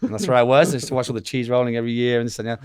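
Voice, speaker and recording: A man's voice: medium pitch, very fast, smooth, no room sound, clean studio sound. A man in his fifties from England, telling stories as a guest in a casual interview, rambling and acting out the voices of the people he quotes. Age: 50s.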